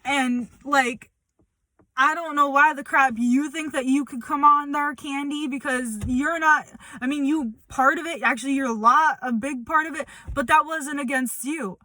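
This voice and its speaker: A woman's voice: sits high, steady tone, normal speed, pushed and bright, no room sound. A young woman speaking bluntly and confrontationally in a personal update vlog, swearing as she calls someone out. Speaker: vlogger.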